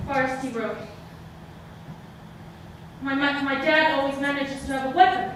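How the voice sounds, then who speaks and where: Brief: young woman in a live one-person stage show, intense and dramatic, bright voice, roomy far-off recording with faint ambience. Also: high voice, normal speed, long pauses, slight background noise. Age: young adult. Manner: dramatic, swinging from hushed to shouting. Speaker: student performer. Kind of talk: solo stage monologue. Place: theater stage, live audience hall. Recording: echoey hall sound from a distant mic.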